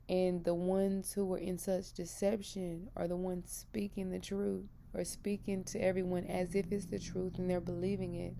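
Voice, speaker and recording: A woman's voice: on the low side, little pitch movement, moderate pace, vocal fry, hardly any pauses, dark tone, a little hiss or hum. A woman in her thirties giving an earnest, emphatic personal testimony about her faith. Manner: earnest and emphatic, retelling with feeling. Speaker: christian vlogger.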